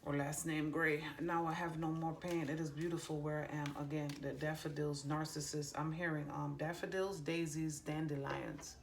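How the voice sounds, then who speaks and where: Reading cards for her viewers as a medium, a woman passes along messages she says she hears, stalling often with ums and broken-off starts. She speaks low and flat, with gravelly vocal fry. Faint background hiss persists through the recording.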